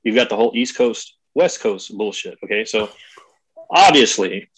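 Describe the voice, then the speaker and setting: A man chatting on a podcast, animated and swearing freely. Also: fairly low pitch, moderate pace, slightly rough, low-quality recording. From California. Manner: animated, swears freely, mimics voices for effect. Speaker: guest podcaster. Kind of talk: casual podcast chat.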